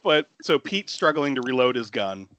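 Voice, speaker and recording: A man's voice: medium pitch, big pitch swings, normal speed, a bit bright, highs cut off. A man hosting a podcast who retells a film in casual chat, laughing often and swearing freely. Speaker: podcast host.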